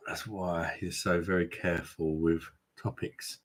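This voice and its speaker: Man, very deep voice, casual livestream chat, reads viewer comments. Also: flat delivery, unhurried. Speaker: beer review livestream host. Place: home room.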